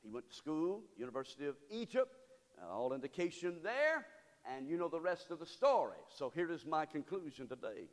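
A man preaching a sermon as pastor. He moves from loud cries to hushed pleading. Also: fairly high pitch, sing-song, fairly quick, big-room sound. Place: church sanctuary.

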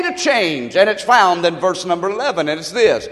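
A man's voice: high-pitched, lively intonation, moderate pace, fairly bright tone, big-room sound. A man preaching a sermon as pastor, telling a folksy story with emphatic delivery.

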